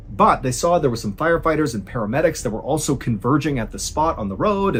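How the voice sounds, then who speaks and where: A man hosting and narrating true scary stories in a suspenseful, conversational way, slowing down for emphasis. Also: mid-range voice. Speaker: storyteller host. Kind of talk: dramatic true-story narration.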